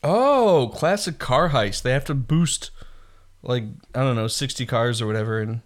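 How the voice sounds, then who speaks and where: A man in casual chat about movies, animated and quick to laugh, slipping into quotes of film lines. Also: medium pitch.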